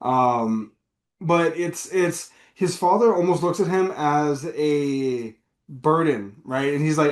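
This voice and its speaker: A man's voice: fairly high pitch, slow pace, echoey room. A man co-hosting a movie review podcast, talking in a loose, rambling, profane way. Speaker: podcast co-host. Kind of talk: casual movie review chat.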